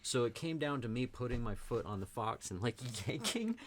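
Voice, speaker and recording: A man's voice: mid-range voice, animated, normal speed, background noise. A man from Texas, a podcast host, casually telling a rambling anecdote packed with "like" and acted-out quotes. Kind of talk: casual storytelling chat.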